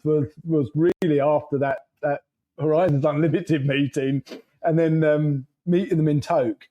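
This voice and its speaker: On a podcast, a man from England who travels by motorcycle rambles through casual stories from the road, swearing and laughing along the way. His voice is on the high side and mellow, his pace moderate, and the recording is poor.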